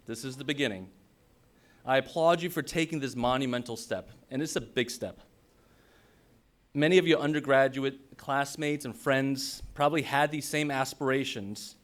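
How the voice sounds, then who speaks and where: A man in his thirties giving a speech at a podium microphone in a large ceremony venue, earnest and at times emotional, reading quotes with emphasis. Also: mid-range voice. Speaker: white coat ceremony speaker.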